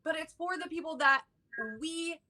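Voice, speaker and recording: A woman's voice: very high-pitched, steady tone, moderate pace, bright, forceful tone. A woman guest on a talk show, a life coach, bubbly and gushing, laughing easily.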